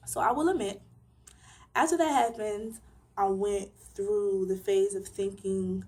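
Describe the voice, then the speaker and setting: Young woman telling a lively story. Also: medium pitch, a little slow. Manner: animated, emphatic storytelling with slang. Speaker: vlogger. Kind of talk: casual storytime.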